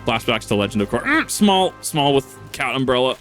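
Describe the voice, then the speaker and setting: A man's voice: mid-range voice, big pitch swings, brisk, a bit bright, faint music behind. A man commenting casually while playing a game, joking at his own expense and swearing now and then. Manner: self-deprecating, jokey, swears. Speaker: gaming streamer.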